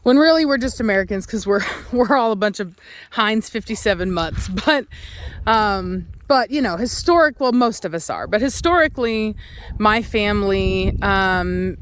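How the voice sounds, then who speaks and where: A woman chatting casually outdoors, loud and talkative, often calling out to her dogs. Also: medium pitch, expressive, moderate pace, slight background noise, low-quality recording. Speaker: vlogger and dog breeder. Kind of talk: casual outdoor vlog chat. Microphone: handheld phone camera.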